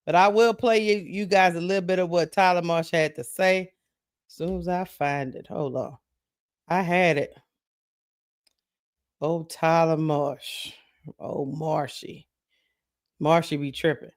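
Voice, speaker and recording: A man's voice: high voice, normal speed. A man hosting a live sports talk stream, chatting casually, greeting viewers by name and thinking aloud.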